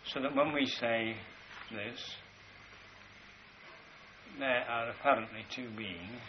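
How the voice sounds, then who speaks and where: Speaking slowly at a medium pitch, a man delivers a rambling philosophical lecture and points to drawings as he explains. The recording is dull and lo-fi, with a faint hiss.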